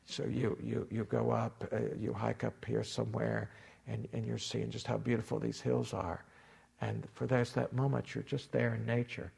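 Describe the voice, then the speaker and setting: A man giving a dharma talk as a meditation teacher, unhurried and reflective, acting out inner voices with gentle humor. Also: medium pitch, level tone, vocal fry, slightly rough.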